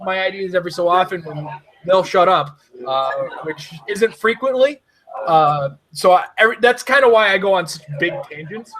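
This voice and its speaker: A man hosting a casual chat who rambles excitedly and laughs often. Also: high-pitched, moderate pace, low-quality recording. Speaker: podcast host.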